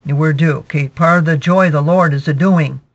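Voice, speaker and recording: A man preaching a sermon, explaining verses in a measured teaching manner, often saying "okay" and repeating his points. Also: fairly high pitch, fairly even intonation. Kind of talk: sermon, verse-by-verse Bible exposition. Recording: dull lo-fi recording.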